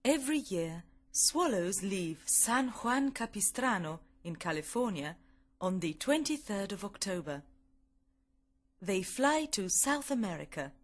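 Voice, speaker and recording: A woman reading a children's story aloud for learners, clear, deliberate and expressive. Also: medium pitch. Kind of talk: slow storybook narration for learners.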